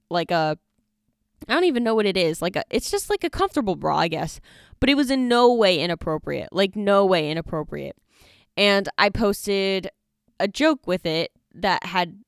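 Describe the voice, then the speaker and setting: A woman's voice: fairly low pitch, clear, resonant tone, dry recording, studio quality. A woman in her twenties hosting a casual solo podcast, chatty and rambling with lots of fillers. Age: 20s. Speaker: podcast host. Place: dorm study room.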